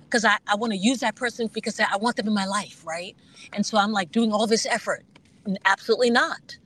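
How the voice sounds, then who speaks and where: A woman guest talking earnestly and reflectively about her faith, now and then bursting into animated bits, speaking from her car over a Bluetooth phone link. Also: a little high, slight background noise, rough recording. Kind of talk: candid faith conversation. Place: driving in a car.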